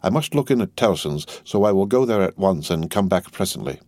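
A man reading an audiobook, voicing a kindly elderly banker who speaks gently and earnestly. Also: low voice, expressive, brisk, no echo, studio quality. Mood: anxious. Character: kindly, anxious elderly male banker and family friend.

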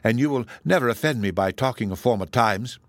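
A man's voice: medium pitch, fairly quick, dry recording, studio quality, natural voice. A man voicing an ardent, earnest young woman in an audiobook reading, speaking with impassioned emphasis.

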